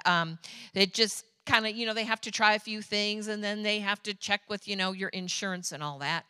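A woman preaching a sermon as a pastor's wife, telling personal stories in an animated, chatty way. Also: medium pitch, no room sound.

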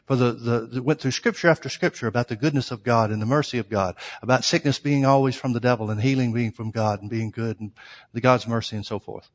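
Male preacher, mid-pitched, earnest storytelling sermon, long reverb tail. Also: fast. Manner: storytelling, earnest, addresses listeners as folks.

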